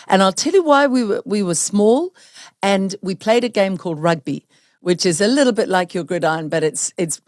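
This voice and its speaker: A woman's voice: medium pitch, a little mellow, no echo, studio quality. A New Zealand woman hosting an interview, talking in an earnest, emphatic way and asking her guests to agree. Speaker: host. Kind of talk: conversational interview.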